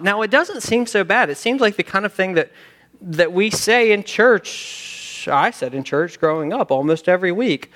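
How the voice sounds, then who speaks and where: Male preacher, somewhat high voice, lively sermon delivery with dramatized quotes. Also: moderate pace. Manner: animated, acts out quotes, sings hymn lines. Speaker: pastor.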